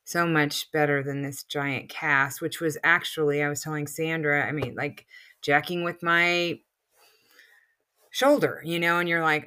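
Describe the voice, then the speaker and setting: Chatty woman in her sixties, bright low voice. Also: fairly even intonation, measured pace, smooth. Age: 60s. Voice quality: slight lisp from a new retainer. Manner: rambling, chatty, emotional, many fillers. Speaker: podcast co-host. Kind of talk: casual chat.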